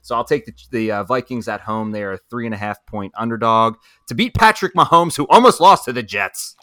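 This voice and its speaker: A man's voice: mid-range voice, expressive, brisk, bright, forceful tone, dry recording, clean studio sound. A man co-hosting a casual sports podcast, rambling and joking about football picks. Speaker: podcast host.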